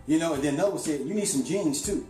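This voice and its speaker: A man from St. Louis telling a long, rambling story in a casual, animated way, with lots of "you know.". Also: fairly high pitch, very fast, reverberant, faint music behind. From St. Louis, USA.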